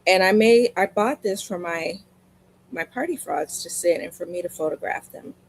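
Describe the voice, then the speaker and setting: Here a woman runs a live sales stream in a fairly low voice at a moderate pace, though the audio is poor. Addressing viewers straight on via her streaming mic, she chats casually, shares stories, and repeats lines to stress them.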